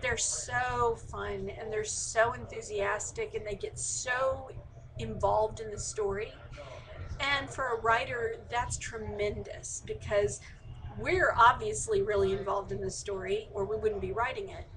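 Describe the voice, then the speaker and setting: A woman's voice: medium pitch, fairly even intonation, unhurried. Chatty woman author, faint hiss. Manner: reads out questions and answers them chattily, many fillers. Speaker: author answering audience questions. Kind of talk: casual online Q&A. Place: indoors, remote live stream.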